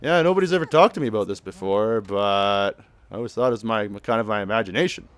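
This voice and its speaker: A man's voice: lowish voice, fast talker, clean tone, no room sound. A man giving loose, chatty commentary on a game he plays, laughing often and summing up the characters' lines. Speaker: let's play commentator. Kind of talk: casual gameplay commentary.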